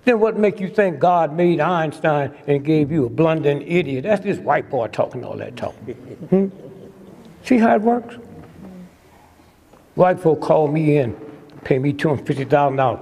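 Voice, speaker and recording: A man's voice: fairly high pitch, expressive, a little slow, gravelly, pauses often, a little mellow, a little hiss or hum. An older man giving a humorous lecture to a live audience, sly and teasing, constantly prodding the crowd with "hmm?". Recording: long hall reverb.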